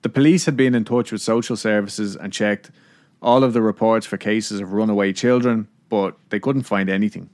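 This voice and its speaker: A man's voice: fairly low pitch, steady tone, moderate pace, darkish tone. A man hosting a podcast, casually narrating a story with laughs and swearing. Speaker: podcast host.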